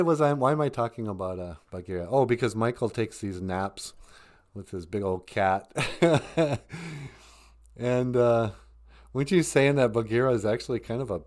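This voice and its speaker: A man's voice: mid-range voice, darkish tone. Rambling man in his fifties, laughing often. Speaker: live-stream co-host. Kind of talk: casual chat, storytelling.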